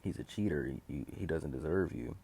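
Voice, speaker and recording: A young man with a very deep, gravelly voice talks through a TV episode in a loose, casual way. His tone is husky, and he quotes each character without really changing his voice. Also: animated, normal speed, mellow. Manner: retells scenes loosely, quoting characters in his own voice. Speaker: video recapper.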